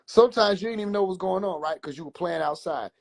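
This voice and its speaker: A man livestreaming from his phone, casually telling animated, profane childhood stories and laughing between lines. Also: high-pitched, fast, vocal fry. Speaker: comedian livestreamer. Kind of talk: casual comedic storytelling.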